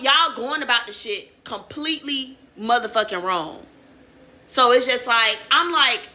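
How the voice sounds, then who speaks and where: Bright-voiced profane woman storyteller. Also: on the high side. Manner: animated, profane, streetwise slang. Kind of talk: casual storytelling.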